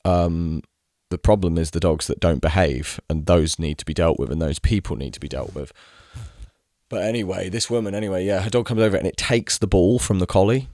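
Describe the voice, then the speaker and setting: A young man rants to camera in a low, deep voice, exasperated and swearing freely. He mimics other people mockingly as he vents. The sound is dry and close, with no room echo. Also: brisk, darkish tone. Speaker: video creator. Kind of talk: casual ranting monologue.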